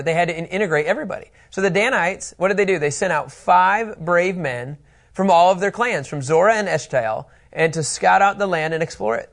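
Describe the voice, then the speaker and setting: A man's voice: high-pitched, creaky. A middle-aged man teaching a Bible study lesson in a conversational, joking way. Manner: conversational, animated, jokey.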